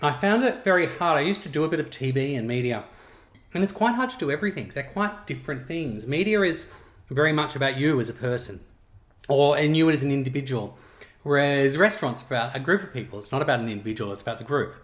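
A middle-aged Australian man, a chef talking casually about his cookbook in a relaxed, rambling way with frequent chuckles. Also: medium pitch, quick pace. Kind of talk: casual interview chat.

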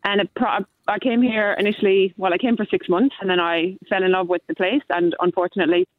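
Fast-talking Irish woman on a phone line. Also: medium pitch, fairly even intonation, dry recording. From Ireland. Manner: earnest, passionate, quick to push back. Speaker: caller. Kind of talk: talkback radio call. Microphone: telephone.

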